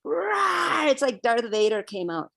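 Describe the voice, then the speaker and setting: A woman in her sixties, a guest on an interview podcast, telling a personal story in an animated way and acting out her own past outbursts. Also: mid-range voice, moderate pace. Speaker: interview guest, vegan educator.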